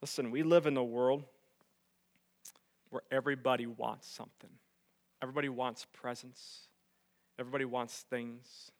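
A male pastor preaching, dropping to hushed tones and rising to loud emphatic peaks as he tells a story. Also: mid-range voice, steady tone, moderate pace, pauses often. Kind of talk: sermon.

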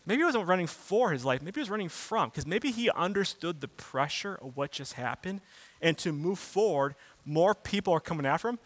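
A male pastor with a high-sitting voice preaches casually and conversationally, dropping slang asides. Animated and brisk, he shifts between loud, emphatic bursts and quiet, reflective stretches.

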